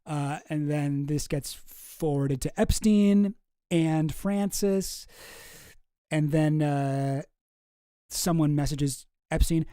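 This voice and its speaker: A man's voice: a little high, unhurried, mellow, no echo, studio quality. A man hosting a casual commentary show, reading emails aloud with chuckling asides. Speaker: host.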